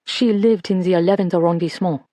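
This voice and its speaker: A narrator voicing a determined woman, a former jewel thief, who keeps her tone calm and measured. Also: lowish voice, no room sound, close to an everyday voice. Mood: calm, probing. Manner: measured, controlled.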